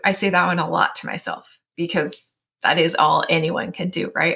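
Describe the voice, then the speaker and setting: A woman's voice: lowish voice, normal speed, creaky, few pauses. A woman in her forties, a guest in an interview, telling a personal story in a chatty way, full of fillers, often acting out what her inner voice says. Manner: chatty, many fillers, animated self-quoting.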